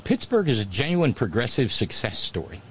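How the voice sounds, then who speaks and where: A man's voice: mid-range voice, sing-song, normal speed, a little hiss or hum. A man hosting his own radio show, talking to listeners in a loose, rambling monologue full of restarts and fillers.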